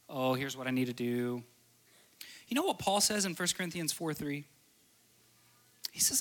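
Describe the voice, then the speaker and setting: A man's voice: on the high side, animated, moderate pace, pauses often, fairly bright tone. A man preaching a sermon with stories, earnest and repeating phrases for emphasis. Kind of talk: sermon with storytelling.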